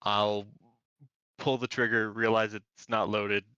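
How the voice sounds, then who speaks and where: Flat-voiced male player, lo-fi mic. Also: lowish voice, slow pace, clear, resonant tone, no room sound. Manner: matter-of-fact, talks through rules. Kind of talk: casual tabletop play.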